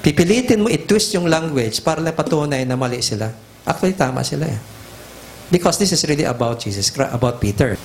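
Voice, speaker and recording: A middle-aged man with a Filipino accent delivers a teaching sermon in an emphatic, driving manner, repeating his points for effect. His voice sits a little high for a man, and he slides between languages as he presses each argument home. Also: expressive, a little fast, a little hiss or hum. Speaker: pastor.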